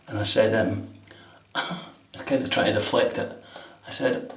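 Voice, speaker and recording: A man's voice: fairly low pitch, steady tone, a little slow, fairly bright tone, distant mic, slight background noise. A man with a London accent chatting casually while he shaves, rambling through an anecdote with the odd laugh. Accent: London English. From England. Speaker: shaving vlogger. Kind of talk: casual talk while shaving. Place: bathroom at a sink with running water. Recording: echoey bathroom, voice off-mic. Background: running tap water and splashing.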